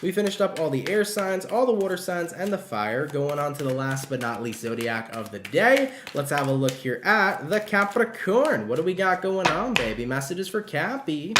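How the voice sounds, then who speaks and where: A man's voice: a little high, big pitch swings, normal speed, few pauses, very noisy. Upbeat slangy young man, echoey room. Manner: upbeat, slangy, calls listeners baby. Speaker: tarot reader. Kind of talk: casual tarot reading.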